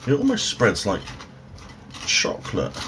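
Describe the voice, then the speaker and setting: A man's voice: medium pitch, wildly swooping pitch, a little slow, fairly bright tone. A man doing a casual food review vlog at home in a dry, offhand, self-mocking way, recorded on an overhead phone. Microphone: overhead phone camera. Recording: faint room noise, phone audio.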